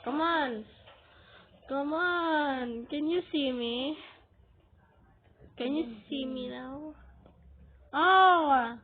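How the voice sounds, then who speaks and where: A woman giving excitable gaming commentary while she plays, shrieking when scared and giggling. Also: high voice, very slow, pauses often. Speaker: Roblox player. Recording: tinny lo-fi capture with noise.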